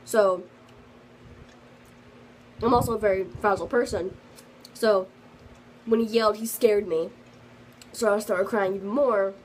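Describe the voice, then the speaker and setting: A woman's voice: medium pitch, fairly even intonation, unhurried, long pauses, slight background noise, low-quality recording. Rambling teenage girl telling a story. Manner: rambling, lots of fillers. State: slightly sick. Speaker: vlogger. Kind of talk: casual storytime vlog.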